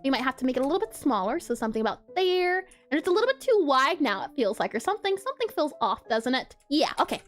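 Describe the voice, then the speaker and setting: Bubbly, very high-voiced woman streamer. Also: sing-song, quick pace, hardly any pauses, soft background music. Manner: bubbly, chatty, laughs often, reacts to chat. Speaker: pixel art streamer. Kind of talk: casual live-stream chat while drawing.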